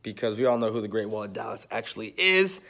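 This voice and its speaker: A man's voice: on the low side, expressive, fast talker, vocal fry, bright, forceful tone. A man ranting as a sports fan vlogger, heated and sarcastic, swearing often. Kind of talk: profane fan rant.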